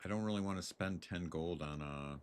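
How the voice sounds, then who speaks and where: A man streaming a video game live, thinking out loud in a laid-back, jokey way. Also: low voice, a little fast, a little hiss or hum. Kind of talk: casual live gameplay commentary.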